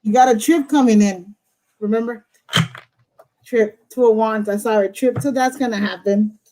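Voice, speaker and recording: A woman's voice: a little high, fairly even intonation, normal speed, background noise. Blunt, profane woman reading tarot. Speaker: host, tarot reader. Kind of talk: live-stream tarot reading.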